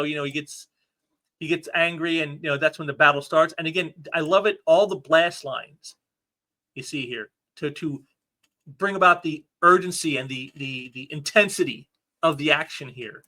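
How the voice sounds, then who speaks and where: Guy doing a casual comic review vlog, rambly and excited, bright kinda high voice. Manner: enthusiastic, rambling with many restarts.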